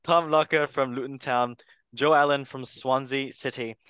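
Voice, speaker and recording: A man's voice: medium pitch, steady tone, moderate pace, fairly bright tone, clear, resonant tone, no room sound. A man hosting a casual panel chat, joking and laughing often as he reads out a list. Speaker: host.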